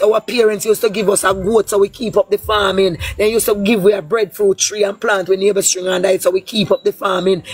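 A woman's voice: medium pitch, darkish tone, slightly rough. A woman with a Jamaican Patois accent giving a heated, casual political rant, blunt and profane, with a lilting sing-song delivery. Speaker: political commentator.

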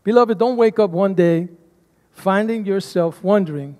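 A man's voice: high-pitched, unhurried, a little mellow. A man preaching a sermon as pastor to his congregation, calling for responses from them. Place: church sanctuary. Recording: long church reverb.

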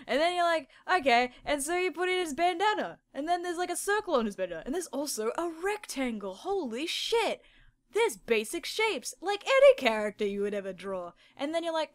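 A woman's voice: high-pitched, animated, moderate pace, smooth. A young woman hosting a comedy video, talking in a casual, sarcastic way with mock-amazed asides and swearing.

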